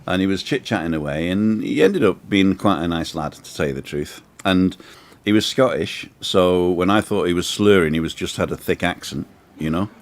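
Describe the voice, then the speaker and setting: Deep-voiced man telling stories. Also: normal speed. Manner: chatty, rambling anecdotes with asides. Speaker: host. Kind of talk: casual storytelling on a live show. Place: outdoor balcony in the sun.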